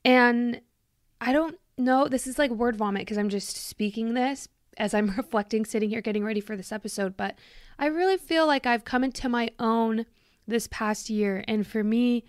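Her voice sits fairly high, clear and resonant, at a normal speed with no echo. She's a woman in her late twenties hosting a podcast, talking into a close mic in a loose, reflective monologue. Heartfelt and talkative, she fills it with "like" and gushing thanks.

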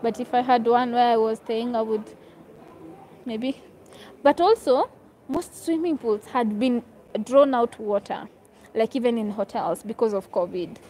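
A woman's voice: on the high side, measured pace, pauses often, warm tone. Chatty woman reading live-stream comments. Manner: chatty, reads comments aloud and answers them, laughs easily. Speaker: vlogger hosting a live stream. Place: hotel room.

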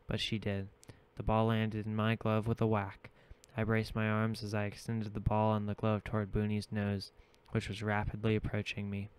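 Man narrating a novel in a low, smooth voice. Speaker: audiobook reader. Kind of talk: audiobook narration.

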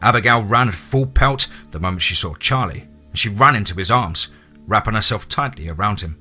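A man narrating a horror story theatrically, dropping low and quiet for suspense. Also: lively intonation, fairly quick, breathy edge, soft background music.

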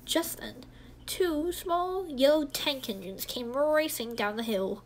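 A woman telling a home-made toy train story in a plain, unhurried manner. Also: high-pitched.

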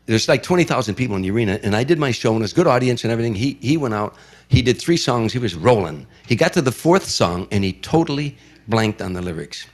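An older Chicago entertainer tells a vivid story during an interview, performing the voices of the people in it. His voice is medium in pitch, expressive, and quick.

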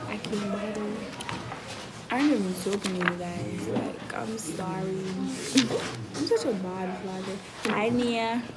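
A woman's voice: mid-range voice, normal speed, over loud music. A teenage girl vlogging her school day on a phone, chatty and laughing, with slangy casual talk. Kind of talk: casual school vlog chat. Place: busy high school classroom and hallway. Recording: noisy crowded school. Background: loud crowd of students.

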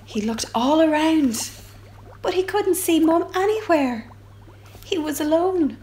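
Woman reading a picture book aloud, slow and expressive, high lively voice, library storytime. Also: slight background noise. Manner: expressive, sound effects.

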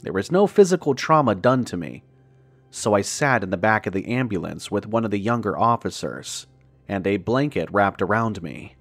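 A man with a lowish voice reads a scary first-person story in a measured, dramatic way and lingers on the gruesome parts. The sound is dry and close, with no room echo. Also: animated, soft background music. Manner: measured, dramatic reading that slows on grim details. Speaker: horror story narrator. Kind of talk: scripted first-person horror narration.

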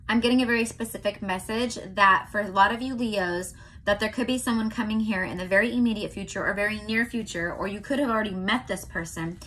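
A young woman from California giving a casual tarot reading to her viewers, chatty and often checking in with a quick "okay?". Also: mid-range voice, fairly bright tone. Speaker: tarot reader.

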